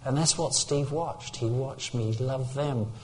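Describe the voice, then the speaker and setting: A man's voice: mid-range voice, takes it slowly, a little mellow, slight background noise. An older man from England preaching a sermon, telling personal stories and rising to fervent peaks.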